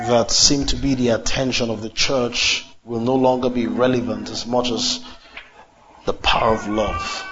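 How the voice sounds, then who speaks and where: A man's voice: mid-range voice, a bit bright. A man preaching a sermon, drawing answers from the congregation with repeated questions. The recording is slightly dull, with a faint hiss underneath. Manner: call-and-response preaching, asks the congregation questions.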